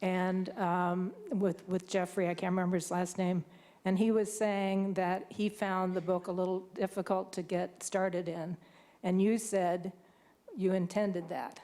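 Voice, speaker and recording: A woman in the audience asks an author a question. She speaks in an even, flat tone and pauses to find her words. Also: on the low side. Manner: hesitant, searching for words. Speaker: audience member asking a question.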